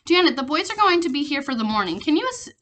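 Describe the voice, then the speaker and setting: A woman reading aloud, voicing a busy, patient father who speaks calmly and reasonably. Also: high voice, fast, pitched above the performer's own voice, heavily acted. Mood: reasoning.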